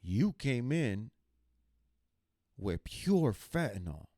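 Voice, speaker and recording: A man's voice: on the low side, animated, a little slow, dry recording, clean studio sound. A man hosting a reaction video, commenting casually and telling a story, checking in with viewers with "okay?". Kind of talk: casual commentary over footage.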